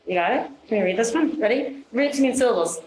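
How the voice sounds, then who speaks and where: A woman's voice: on the high side, expressive, fast talker. A woman teacher leading a phonics lesson, encouraging and upbeat as she coaches young students. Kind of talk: classroom phonics instruction. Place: classroom. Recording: echoey classroom with crowd noise. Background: children's voices.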